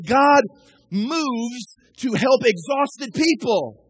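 High-voiced impassioned male preacher. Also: expressive, normal speed, no room sound, poor audio. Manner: impassioned preaching, rising to shouts then dropping low. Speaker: pastor. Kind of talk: sermon.

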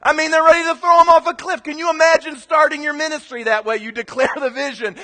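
A male pastor delivers a sermon in a strikingly high voice. His delivery is animated, moving between hushed confiding asides and loud, emphatic bursts. The sound carries a long echo, like a large church hall. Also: fast, hardly any pauses.

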